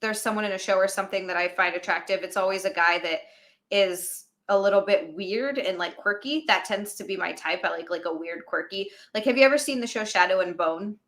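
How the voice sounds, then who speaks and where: A woman co-hosting a casual stream chat, relaxed and chatty, laughing along. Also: medium pitch, brisk. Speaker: co-host.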